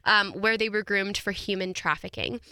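A woman's voice: mid-range voice, fairly even intonation, moderate pace, sharp tone, clear, resonant tone, no room sound, clean studio sound. A woman co-hosting a casual true-crime podcast. She chats easily, laughs often and reads quotes aloud. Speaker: podcast co-host.

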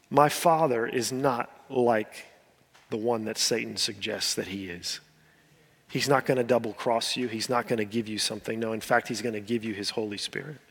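A man preaching a sermon as pastor, earnest and pleading, often dropping to a soft voice and repeating words as he builds. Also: mid-range voice, husky. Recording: long hall reverb.

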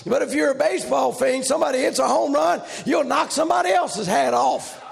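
A man preaching a revival sermon in a loud, rhythmic, shouting preaching cadence. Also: very high voice, a little fast, vocal fry.

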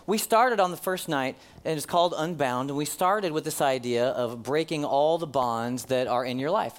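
A man preaching a sermon to his congregation in a conversational way, with ums and uhs. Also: fairly high pitch. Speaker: pastor.

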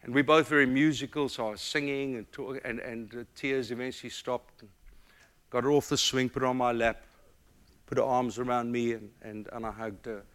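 A middle-aged pastor from Africa preaches with real fire, his voice bright and ringing. He pushes hard on his points, then drops to a hushed, tender near-whisper. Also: medium pitch, normal speed. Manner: dynamic preaching, swings from loud emphatic to hushed and tender. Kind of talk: sermon.

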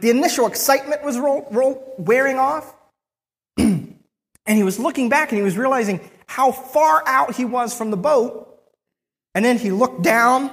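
A preacher retelling a Bible story in the first person, with frequent restarts and pauses. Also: medium pitch, in a large hall.

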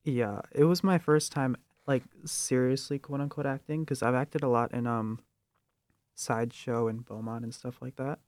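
A young student actor talking casually in a halting, hesitant way and laughing easily. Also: male voice, mid-range voice, steady tone, darkish tone, no echo. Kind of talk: casual panel chat.

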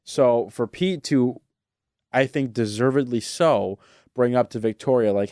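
An opinionated man co-hosting a podcast, chatting casually and laughing as he weighs in. His voice is smooth and clear. It is recorded dry and close. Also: mid-range voice, darkish tone, no room sound. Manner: opinionated, laughs often, drawn-out asides. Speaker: podcast co-host. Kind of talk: casual chat giving opinions.

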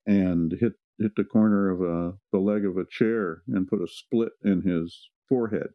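A man's voice: low voice, fairly even intonation, normal speed, dry recording. A man co-hosting a parenting podcast, agreeable and rambling as he tells stories in casual conversation. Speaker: co-host, parent. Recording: slightly muffled, dull sound.

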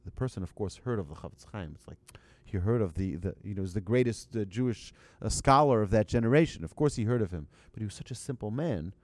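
A man giving a storytelling talk to an audience as a religious teacher, conversational and halting, with restarts and light asides to the listeners. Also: fairly low pitch, animated, a little mellow, dry recording.

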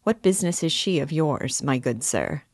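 A woman's voice: low voice, lively intonation, moderate pace, a little mellow, dry recording, clean studio sound. A woman reading a novel aloud, voicing a severe, miserly old female pawnbroker in a curt, haggling manner.

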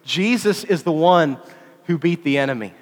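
Animated man preaching in an echoey hall. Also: a little high, normal speed. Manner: animated, conversational preaching with repetitions. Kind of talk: sermon.

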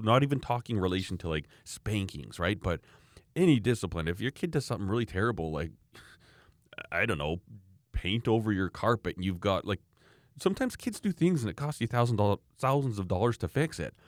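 In a clean studio recording with no room sound, a Canadian man with a lowish voice chats casually about raising children. He's a parent sharing opinionated views, emphatic and rambling, frequently restarting sentences.

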